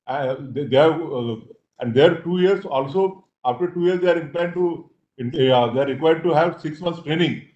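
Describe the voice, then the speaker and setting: A man, speaking as a judge from the bench, brisk but stumbling over his words. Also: on the high side, darkish tone. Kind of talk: interjecting from the bench. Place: courtroom. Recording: dull echoey courtroom audio.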